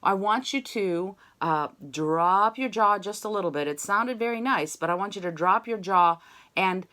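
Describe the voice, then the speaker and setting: A woman's voice: mid-range voice, animated, moderate pace, pushed and bright. A woman voice teacher giving an online singing lesson over a video call, explaining technique and singing short demonstration syllables.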